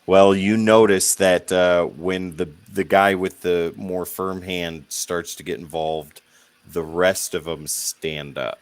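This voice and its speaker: Slow-talking male game master. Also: low-pitched, fairly even intonation, dry recording. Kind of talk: narrating a tabletop game.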